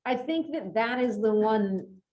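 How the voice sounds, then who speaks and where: A woman on a board explaining the difference between policy options clearly. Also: on the high side, lively intonation, unhurried, darkish tone, a little hiss or hum. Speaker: board member. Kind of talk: meeting discussion. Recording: dull, roomy lo-fi recording.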